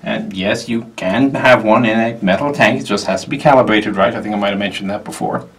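A man's voice: fairly low pitch, brisk, fairly bright tone. Man giving a dry, wry tank tour. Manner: dry wry humor, conversational explaining. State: sweating on a hot day. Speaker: tank historian presenter. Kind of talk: informal walk-through tour. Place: inside a tank hatch, outdoors. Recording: distant backup mic.

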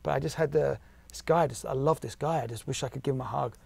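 A man's voice: mid-range voice, quick pace, vocal fry, darkish tone, husky, dry recording. A man in his forties with an English accent, talking casually as an interview guest, restarting and repeating himself often. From England. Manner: chatty, many restarts and repeats. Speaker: guest actor and writer.

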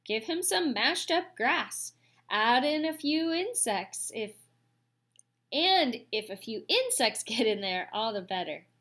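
A woman's voice: fairly high pitch, very animated, takes it slowly, a bit bright, exaggerated voice. A woman voicing an old, bossy female goose who squawks and scolds bluntly. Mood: scolding.

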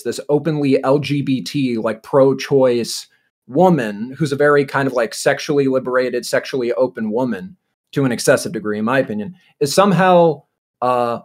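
A man from Canada who makes videos for fun, a guest on an online panel, giving his views in a chatty, opinionated way. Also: medium pitch. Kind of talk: casual online discussion.

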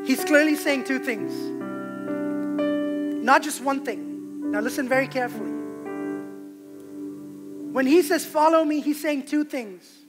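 A male pastor preaches with a strikingly high voice, pressing each point with passion. He swings from loud declarations to hushed, intimate lines. Music plays clearly behind him in the church. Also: measured pace, pauses often. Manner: impassioned, emphatic, swings between loud and hushed. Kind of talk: sermon.

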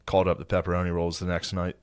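A man's voice: deep voice, monotone, rapid-fire, smooth, no echo, studio quality. A man telling a rambling, profane anecdote in casual podcast chat. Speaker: podcast co-host.

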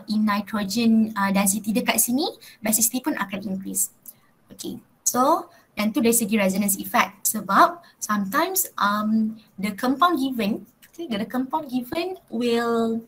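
A woman's voice: a little high, fairly bright tone, husky, low-quality recording. A young woman with a Malaysian accent teaching a live chemistry class, switching between Malay and English and checking in with her students. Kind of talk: live online class lecture.

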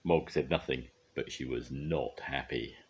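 An older man reading a picture book aloud for his grandchildren, lively and expressive. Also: a bass voice, a little slow, muffled recording, slight background noise. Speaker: grandfather storyteller.

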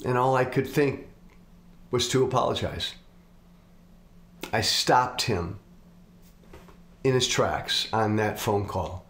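Middle-aged male host, earnest confessional monologue, unhurried delivery, roomy echo. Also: medium pitch, a bit bright. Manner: earnest, confessional, slow and deliberate. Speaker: political commentator, host. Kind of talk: reflective monologue.

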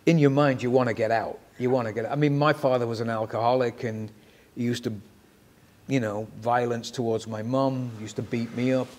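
A man's voice: medium pitch, a little fast. A man from Manchester with a mid-Atlantic accent, a musician and actor telling stories in a casual interview, swearing freely. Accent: mid-Atlantic, Mancunian mixed with American. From Manchester, England. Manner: swears freely, animated anecdotes, trailing off softly.

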